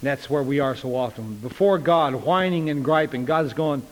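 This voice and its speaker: A man's voice: medium pitch, moderate pace, hardly any pauses, big-room sound, rough recording. A man preaching a sermon in a folksy way, acting out the dialogue of the people in his stories. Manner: folksy, acts out dialogue with voices.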